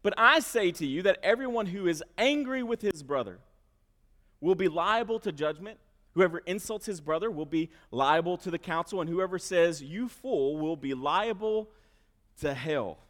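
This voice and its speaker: A male pastor preaching a sermon, who swings between quiet asides and loud emphasis and often repeats words as he starts a phrase. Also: high voice, expressive, measured pace, pauses often. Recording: long hall reverb.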